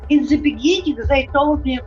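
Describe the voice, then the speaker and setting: Woman, high-pitched, tearful testimony over music, dull lo-fi audio. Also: normal speed. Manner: emotional, grateful, in non-native English. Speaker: interviewee giving testimony.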